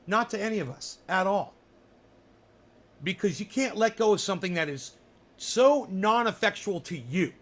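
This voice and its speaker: Bright-voiced man ranting profanely. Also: high-pitched, lively intonation, moderate pace. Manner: rambling, profane, sarcastic. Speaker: livestream host. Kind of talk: casual ranting livestream chat.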